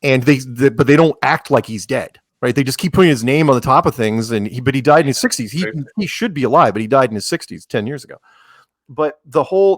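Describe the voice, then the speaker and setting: A man's voice: mid-range voice, no echo, studio quality. A man talking as a podcast guest in a rambling way, full of restarts and sarcastic asides. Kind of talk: casual chat.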